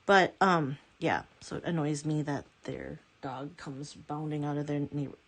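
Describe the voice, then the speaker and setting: A woman's voice: low-pitched, fairly even intonation, unhurried, slightly rough. A woman chatting casually as a nail art vlogger at home, rambling and correcting herself as she goes. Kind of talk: casual chat.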